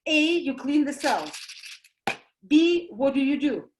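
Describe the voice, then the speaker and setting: A high-voiced woman with a Russian accent explains things in an animated way, throwing out questions and answering them herself. Her voice rings around an echoey room. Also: slow, noisy background. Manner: animated, uses homely comparisons, asks and answers her own questions. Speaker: doctor promoting supplements. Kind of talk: lively presentation talk.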